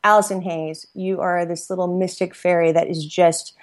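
Effusive woman host, slightly low voice. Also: flat delivery, normal speed. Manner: effusive, laughing often, rambling with restarts. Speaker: podcast host. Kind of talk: casual gratitude shout-outs. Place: Los Angeles.

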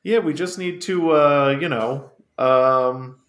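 A man's voice: mid-range voice, slow pace, a bit bright. A man co-hosting a casual comedic chat, with a dry, wry delivery. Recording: echoey room.

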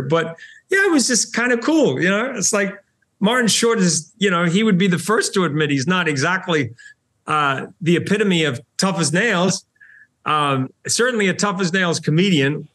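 A middle-aged man with a New Zealand accent, chatting as a podcast guest. His voice sits a little high for a man, and his talk is animated and full of restarts and quick laughs. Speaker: show host, podcast guest. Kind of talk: casual podcast interview.

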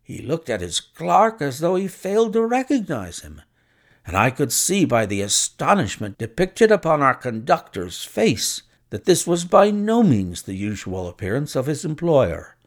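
A man narrating a classic short story in an expressive, scripted reading. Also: a little high, moderate pace. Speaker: audiobook narrator.

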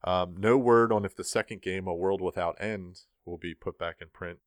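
Young male podcast host, very low smooth voice, dry close mic, laid-back board game news. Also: normal speed, no room sound. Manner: relaxed, rambling, many ums. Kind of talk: casual podcast chat.

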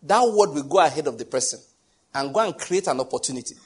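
A man's voice: on the high side, fast talker, husky. A middle-aged Nigerian man preaching a sermon, telling stories and acting out the dialogue. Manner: animated storytelling, acting out dialogue.

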